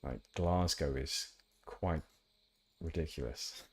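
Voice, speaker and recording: A man's voice: very deep voice, slow, gravelly, breathy edge. A man chatting casually while streaming a game, rambling with asides. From England. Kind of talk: casual gameplay chat.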